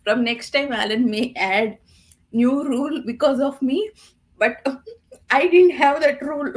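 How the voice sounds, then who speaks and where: A woman's voice: high-pitched, a little slow. A woman in casual chat on a video call, teasing and laughing.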